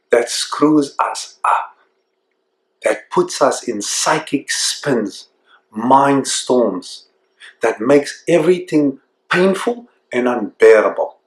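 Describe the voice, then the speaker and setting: A man hosting a self-discovery program, speaking earnestly and reflectively and slowing down to stress key points. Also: medium pitch, animated. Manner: earnest, reflective, slows down for emphasis. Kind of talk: motivational talk to camera. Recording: echoey room.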